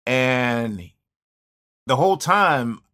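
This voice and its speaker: A man's voice: mid-range voice, lively intonation, extremely slow, sharp tone. A man in casual chat, telling a rambling, reflective story full of restarts.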